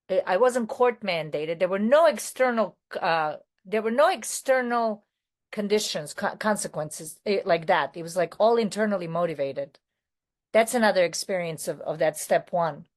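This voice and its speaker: A woman with a non-American accent, raised in New York City, giving a candid personal share at a recovery meeting, rambling and correcting herself with many fillers. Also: fairly low pitch.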